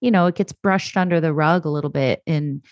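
A woman's voice: deep voice, a little fast, no room sound, lo-fi sound. A woman hosting a podcast, speaking supportively and reflectively to her guest and her listeners. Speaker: podcast host. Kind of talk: casual chat.

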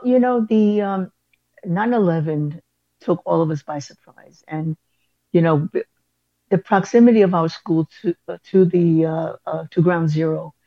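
A woman's voice: on the low side, moderate pace, no echo, highs cut off. A woman school principal, telling a story in an interview with many fillers and restarts.

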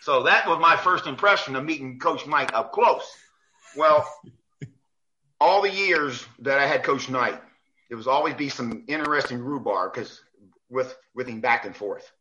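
A man, a basketball referee and guest, telling animated anecdotes in a casual chat, acting out quoted lines and restarting often. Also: medium pitch, unhurried, muffled recording. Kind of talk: animated storytelling in a podcast chat.

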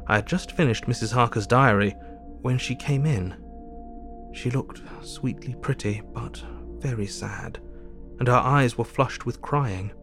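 A man's voice: fairly low pitch, lightly acted. An actor playing a solemn Victorian doctor who narrates his diary and speaks tenderly to a grieving woman, in an audio drama. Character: grave, gentle Victorian male doctor keeping a diary. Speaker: narrator and character.

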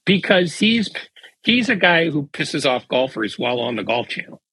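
A man co-hosting a podcast in casual chat, making deadpan dark jokes. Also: fairly high pitch, moderate pace, breathy edge, no room sound, rough recording. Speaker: podcast co-host.

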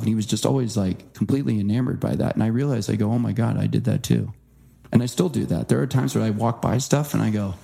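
A man speaking as an interview guest, telling a personal story earnestly and voicing quoted people with lively impressions. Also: on the low side, fast, gravelly, husky. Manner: earnest, animated impressions when quoting. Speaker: guest author.

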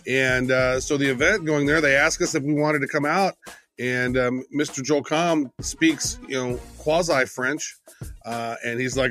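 A man co-hosts a podcast in an easygoing, chatty way. His voice is of medium pitch. Faint music plays quietly behind him. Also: steady tone, unhurried. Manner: easygoing, chatty, laughs often. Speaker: podcast co-host. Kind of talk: casual podcast chat.

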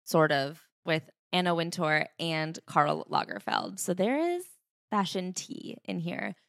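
A woman co-hosting a book podcast in casual chat, with wry quick asides. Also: low voice, sing-song, gravelly, fairly bright tone, dry recording, clean studio sound. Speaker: podcast co-host.

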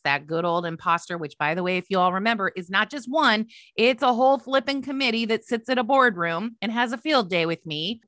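A woman coach and podcast host giving an animated motivational talk, emphatic and repeating her phrases. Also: a little high, dry recording, studio quality.

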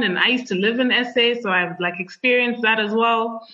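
A young woman from Zimbabwe, a podcast guest talking casually with lots of fillers and an animated, chatty manner. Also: a little high, normal speed. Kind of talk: conversational interview. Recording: dull lo-fi sound.

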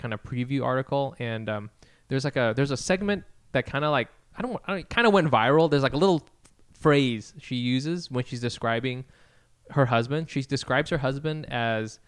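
Man, 40s, smooth clear voice, easygoing podcast co-host, dry close mic. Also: mid-range voice, dry recording. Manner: easygoing, quick to joke and riff. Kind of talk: casual comedic chat.

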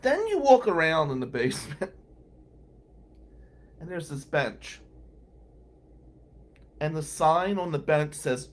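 A man's voice: on the high side, very animated, takes it slowly, long pauses. A man hosting a podcast, a lawyer telling wry, incredulous stories from his working day. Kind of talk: storytelling monologue.

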